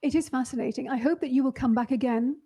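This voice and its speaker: A woman with a high, mellow voice hosts an interview in easy conversation. She talks warmly and laughs often, with loose restarts. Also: quick pace, breathy edge. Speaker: host. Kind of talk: interview chat.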